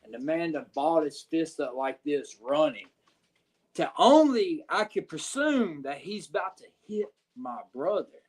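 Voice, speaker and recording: A man, a wrestler guest telling stories in an animated, profane, filler-heavy way. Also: a little high, a little slow, slightly rough. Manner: animated, profane storytelling with many "you know what I'm saying" fillers. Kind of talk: casual storytelling interview.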